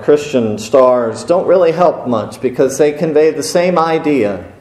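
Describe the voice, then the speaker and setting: Guy giving a sermon, talky and wry, asks the crowd questions, kinda mellow tone. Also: a little high. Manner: conversational, uses rhetorical questions and wry asides. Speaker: preacher. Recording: roomy echo.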